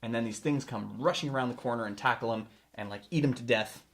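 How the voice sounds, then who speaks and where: A man's voice: medium pitch, fast. A man hosting a podcast, walking his co-creators through a film scene step by step in a casual chat. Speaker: filmmaker host. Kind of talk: casual story pitch.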